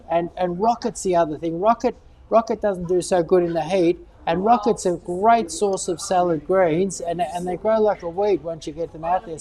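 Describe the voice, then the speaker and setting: Woman gardening expert, lowish warm voice, loose chatty answers full of repeated words. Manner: rambling, repeats words while thinking. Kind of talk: casual Q&A chat.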